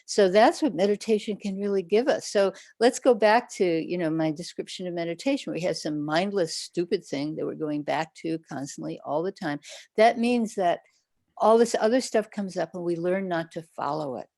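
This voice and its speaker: A woman's voice: on the low side, normal speed, a little mellow, no room sound. A woman Zen teacher answering questions in a livestream talk, conversational, now and then acting out people's inner voices. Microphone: livestream setup.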